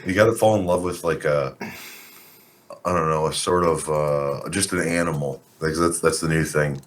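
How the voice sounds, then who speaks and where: A man in casual podcast chat, halting and hesitant, with many fillers. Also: a bass voice, fairly even intonation. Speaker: podcast co-host.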